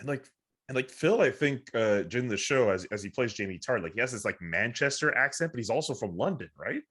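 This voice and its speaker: A man's voice: mid-range voice, expressive, fairly quick, a bit bright, slightly rough. Man, podcast host, loose and rambling, drops the odd swear. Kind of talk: casual interview chat.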